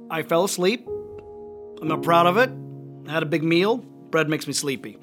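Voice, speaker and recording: A man's voice: a little high, expressive, lightly acted. A man playing a remorseful fisherman disciple. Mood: rueful. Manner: confessional, halting, swelling into shouts. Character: remorseful male fisherman disciple, adult, impulsive. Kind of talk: dramatic monologue over music. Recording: music playing underneath.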